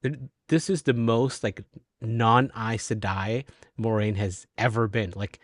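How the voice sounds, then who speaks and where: A man hosting a casual fan discussion, halting and laughing with many restarts. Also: fairly low pitch, fairly even intonation, dry recording. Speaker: show host. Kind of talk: casual chat.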